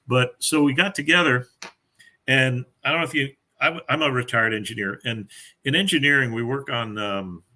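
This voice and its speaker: Bright-voiced older man telling stories. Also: medium pitch. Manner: chatty storyteller, laughs often. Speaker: guest author. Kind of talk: casual chat.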